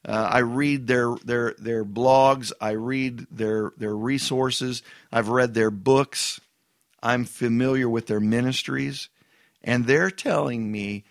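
A man's voice: mid-range voice, no room sound. A man, a pastor, reviews a book in a loose spoken style. He stumbles and repeats words, then pushes hard on emphatic asides. His voice sits in a middle range and sounds dry and close.

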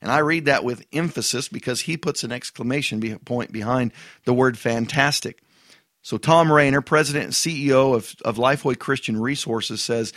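A man, a pastor, talking through a book review in a casual, halting way, often repeating words and adding emphatic asides. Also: medium pitch, fairly bright tone, no room sound, studio quality.

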